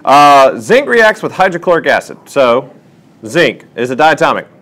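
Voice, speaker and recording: This is a classroom lesson: a man tutors chemistry students and poses questions while solving problems. His voice is mid-range and his pace moderate, and his teacher talk is lively and full of questions.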